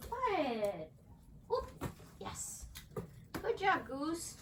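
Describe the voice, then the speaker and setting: A woman's voice: high-pitched, sing-song, slow pace, pauses often. A woman dog trainer at home explaining a demo and praising her dogs in upbeat bursts. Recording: voice from a distance, faint background noise.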